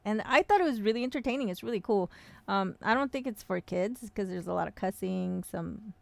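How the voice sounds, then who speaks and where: A woman's voice: mid-range voice, animated, fairly quick, vocal fry, no echo. A woman in casual chat on a podcast, chatty and giggly, trailing off and restarting her sentences.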